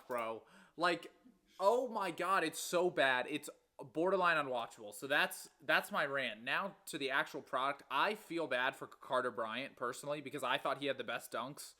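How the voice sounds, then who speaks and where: A man's voice: medium pitch, normal speed, pushed and bright. A man in his twenties co-hosting a casual sports podcast, ranting with exasperation and casual swearing. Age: 20s. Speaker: podcast co-host.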